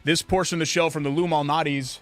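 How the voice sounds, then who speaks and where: A man co-hosting a sports talk show in a studio, chatty and animated as he reads a sponsor segment. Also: on the high side, fast talker, soft background music. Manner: chatty, animated, jokingly indignant. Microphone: studio desk mic.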